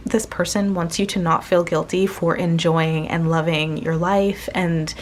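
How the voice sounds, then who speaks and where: Slow, gentle-voiced woman reading tarot. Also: on the low side, steady tone, a little hiss or hum. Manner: slow, gentle, searching, with many pauses and restarts. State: tearful, emotional. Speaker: tarot reader. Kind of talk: casual spoken tarot reading.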